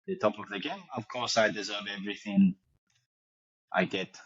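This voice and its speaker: A man's voice: lowish voice, big pitch swings, normal speed, husky, highs cut off, exaggerated voice. A man voicing a boastful fake French football star, with a put-on French accent that slips into Yorkshire and a pompous, crude manner. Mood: scornful. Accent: put-on French accent slipping into Yorkshire. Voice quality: pompous, crude, self-satisfied bragging. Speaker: podcast co-host doing an impression.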